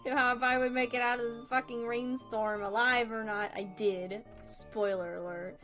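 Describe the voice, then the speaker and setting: A woman's voice: a little high, steady tone, normal speed, fairly bright tone, soft background music. A woman streaming herself drawing, chatting casually with viewers, giggly and rambling, often laughing at herself. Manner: giggly, rambling, self-deprecating. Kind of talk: casual livestream chat.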